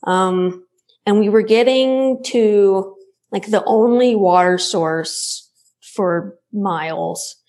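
A woman telling a story in a casual interview, laughing often and acting out her own shouting. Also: medium pitch, takes it slowly. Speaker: guest.

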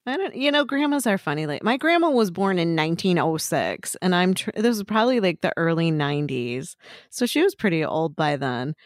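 A woman's voice: fairly low pitch, very animated, brisk, dry recording, clean studio sound. A middle-aged woman co-hosting a podcast in casual chat, telling stories with lots of "like" and restarts. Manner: chatty storyteller, frequent "like" and restarts. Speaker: podcast co-host.

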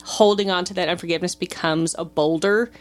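A woman's voice: lowish voice, steady tone, brisk, faint music behind. Earnest rambling woman co-host. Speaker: podcast co-host. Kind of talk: casual chat.

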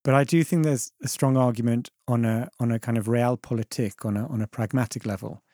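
A man's voice: mid-range voice, steady tone, brisk, mellow, no echo, studio quality. A man arguing his side as a debate panelist, thoughtful and hedging, often restarting his phrases. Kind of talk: debate argument.

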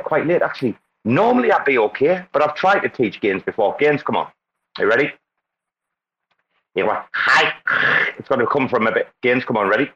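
A man's voice: medium pitch, a bit bright, dull audio. A man hosting a casual online audio chat, boisterous, swearing and laughing a lot. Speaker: host. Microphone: online audio room.

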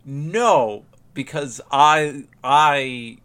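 A man's voice: a little high, drawn-out words, fairly bright tone, clean tone. A man co-hosting a podcast in casual chat, rambling through restarts and laughing often. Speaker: podcast co-host.

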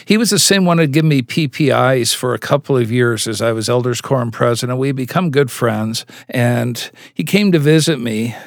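A man's voice: mid-range voice, moderate pace, hardly any pauses, dry recording, clean studio sound. A man as an interview guest, earnestly telling a personal story and acting out the dialogue. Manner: earnest, acts out quoted dialogue.

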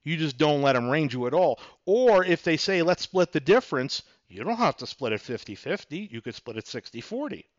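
Lively man acting out negotiations. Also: on the high side, brisk, hardly any pauses, dry recording, highs cut off. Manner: acts out both sides of dialogues, conversational. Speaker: podcast host, real estate attorney. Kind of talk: solo podcast teaching.

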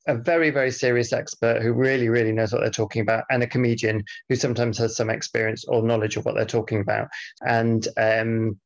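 Man, podcast co-host, gravelly voice, rambling chat, muffled lo-fi sound. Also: mid-range voice. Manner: rambling, with many fillers and restarts. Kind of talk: casual chat, reading listener feedback.

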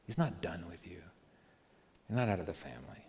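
A man preaching a sermon as a pastor, moving from hushed, gentle passages to loud, animated ones. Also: sits low, a little fast. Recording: long hall reverb.

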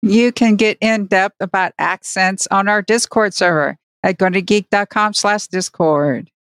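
A woman's voice: medium pitch, a little slow, a bit bright, clean tone, dry recording. A woman co-hosting a fan podcast, reading episode summaries and chatting. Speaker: podcast co-host. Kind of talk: casual podcast chat.

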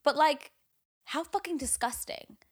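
A woman co-hosting a casual chat show, talking in an animated way with lots of fillers and frequent swearing. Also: sits high, a little slow. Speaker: podcast co-host.

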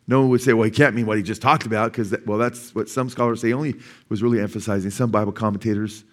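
A man's voice: fairly low pitch, fairly even intonation, fast talker. A man of sixty, a pastor, preaching a sermon at a church service. He keeps asking the congregation questions, waits for them to answer, and repeats key phrases for emphasis. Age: 60s.

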